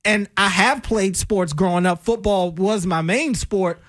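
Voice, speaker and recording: A man's voice: high-pitched, unhurried, a bit bright, no room sound, studio quality. A man co-hosting a sports talk radio show, talking casually and getting fired up over his opinions. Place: radio studio. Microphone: studio microphone.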